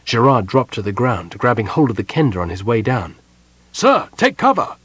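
Low, husky male audiobook narrator. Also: no echo. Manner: measured storytelling delivery. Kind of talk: scripted narration.

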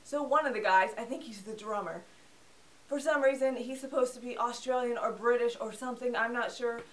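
A woman hosts a movie review show with a playful, sarcastic, joking delivery. Her pitch sits a little high, and she sounds set back from the microphone. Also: a little fast, distant mic, rough recording. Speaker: film review host. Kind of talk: casual scripted movie review.

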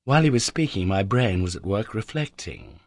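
A man reading a classic adventure novel aloud in measured, low-keyed narration. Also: very animated, vocal fry, no echo, studio quality. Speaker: audiobook reader. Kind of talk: scripted narration.

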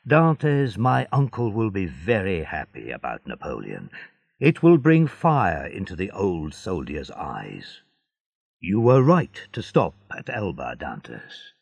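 A man's voice: low-pitched, creaky, darkish tone, slightly rough, no echo, pitched below the performer's own voice, heavily acted. A man voicing a kindly, fatherly ship owner in a storybook reading. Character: older male ship owner, kindly and warm.

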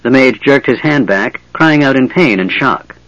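A man giving a measured, dramatic audiobook narration of a fantasy story. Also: mid-range voice, lively intonation, a bit bright, dry recording, dull audio.

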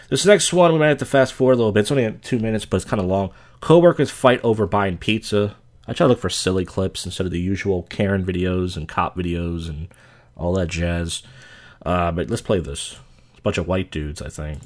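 A man from the US Mid-Atlantic talks over viral clips in a casual, blunt way, tossing out crude jokes. His voice sits on the low side. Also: fairly quick. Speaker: host reacting to viral clips. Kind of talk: casual commentary.

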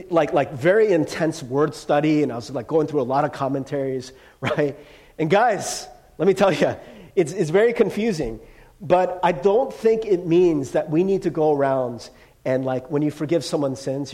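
Animated man preaching a casual sermon. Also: a little high. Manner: animated, casual slang, drops to hushed voice for quotes. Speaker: pastor.

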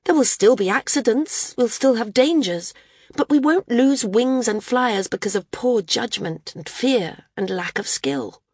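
A woman's voice: fairly high pitch, animated, a little slow, darkish tone, breathy edge, no echo, studio quality. A woman voicing a passionate flyer woman. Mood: impassioned. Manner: impassioned, pleading. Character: woman, passionate seasoned flyer arguing her case.

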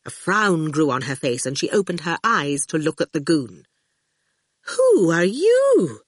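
A woman narrating a children's novel in an expressive, unhurried reading. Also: sits low, no echo, clean studio sound. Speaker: audiobook reader. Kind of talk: storybook narration.

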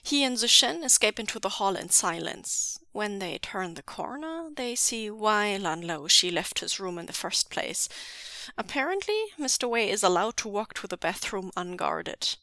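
A woman reading fan fiction aloud as an audiobook, with a measured storytelling delivery. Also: medium pitch, big pitch swings, pushed and bright, dry recording, clean studio sound. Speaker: podfic reader.

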